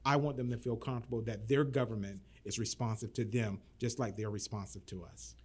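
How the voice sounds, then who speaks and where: A man's voice: lowish voice, steady tone, fairly quick, darkish tone, husky. A man from Florida who is a city manager, talking earnestly in a casual interview and often repeating words as he starts a thought.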